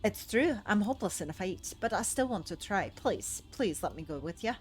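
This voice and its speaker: A woman's voice: medium pitch, expressive, moderate pace, soft background music, close to an everyday voice. A woman voicing an earnest, eager young male dwarf miner who pleads to come along. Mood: pleading.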